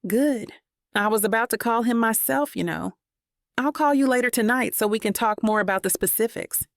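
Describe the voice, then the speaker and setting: A guilt-tripping mother who scolds insistently, as a woman reads her in an audiobook. The voice is a touch gravelly, recorded dry and close with no room sound. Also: fairly high pitch, moderate pace, no room sound, natural voice. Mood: satisfied. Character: nagging guilt-tripping middle-aged mother. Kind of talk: audiobook narration.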